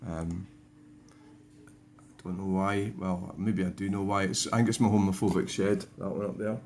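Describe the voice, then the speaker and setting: A man's voice: deep voice, level tone, moderate pace, darkish tone, a little hiss or hum. A man, a vlogger rambling wryly through casual commentary about his own channel. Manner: rambling, wry, digressive.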